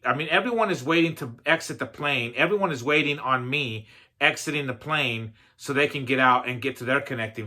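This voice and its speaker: A man's voice: on the high side, sharp tone. A man giving a motivational talk, telling a personal story in a conversational way with self-deprecating humor and frequent fillers. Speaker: motivational speaker.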